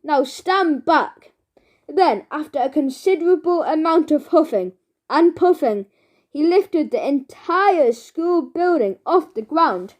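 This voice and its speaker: A woman narrating a children's storybook in an expressive, deliberate way. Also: high voice. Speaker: audiobook narrator.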